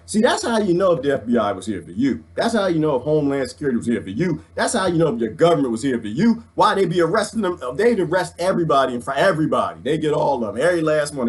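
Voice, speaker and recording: A man rants on a livestream in a jokey, preachy way, swinging from loud to hushed. His voice sits a bit high and bounces all over. He sounds wired on coffee. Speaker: vlogger reading live comments. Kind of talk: animated livestream rant.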